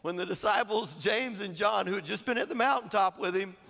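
A man preaches in a high, gravelly voice and tells his stories with lively, chuckling energy. His words ring with the long reverb of a large hall, as in a church sanctuary. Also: fairly quick. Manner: animated storytelling, chuckling, acting out quotes. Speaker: pastor. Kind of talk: sermon.

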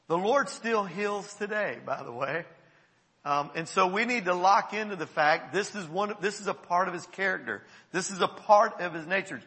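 A man's voice: sits high, pushed and bright. An older man, a pastor, preaching a sermon in a conversational, candid way with laughs and asides. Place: church. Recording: long reverb of a church hall.

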